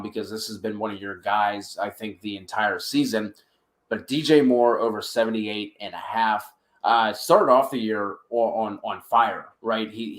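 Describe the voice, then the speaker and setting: A man with a lowish voice co-hosts a sports betting podcast, and the sound is roomy. He chats casually, stammering and repeating words as he reels off stats.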